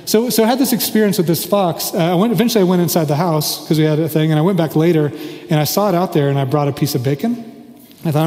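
Echoey, mellow-voiced man preaching. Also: a little high, fast. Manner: relaxed storytelling with joking asides. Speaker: pastor. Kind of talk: sermon. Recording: echoey hall reverb.

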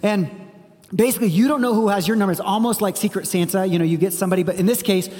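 Pastor, forties, male, high voice, casual sermon delivery, long hall reverb. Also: rapid-fire, mellow. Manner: conversational preaching, rhetorical questions.

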